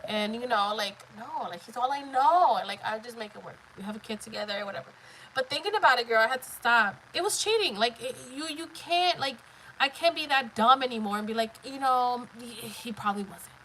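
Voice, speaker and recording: A woman's voice: on the high side, brisk, fairly bright tone, slight background noise, low-quality recording. A woman in her thirties chatting casually on a live stream, blunt, profane and emphatic as she tells her story.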